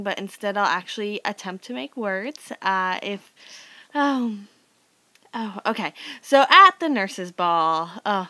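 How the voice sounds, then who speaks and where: A woman's voice: medium pitch, sharp tone, no room sound. A young woman in her twenties recapping a soap opera to camera, sarcastic and rambling, full of "like" and fed-up asides. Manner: exasperated, sarcastic, rambling with many likes. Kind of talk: casual chat to camera.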